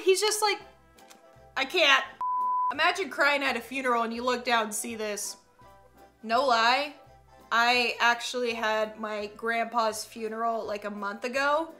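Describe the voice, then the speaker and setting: A woman's voice: sits high, sharp tone. A young woman hosting a vlog, chatting casually and reacting to clips with sassy, talkative asides. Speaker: YouTuber host.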